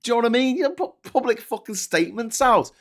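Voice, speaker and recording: A man's voice: animated, fast, a bit bright. A man hosting a casual monologue, swearing a lot as he rants. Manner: sweary, ranting, mimics in high squeals. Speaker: host.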